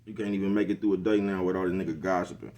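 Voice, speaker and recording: A man's voice: sits low, fairly even intonation, racing, darkish tone. A middle-aged man ranting casually to the camera, laid-back and slangy, always asking if you know what he's talking about. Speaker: vlogger hosting his own show.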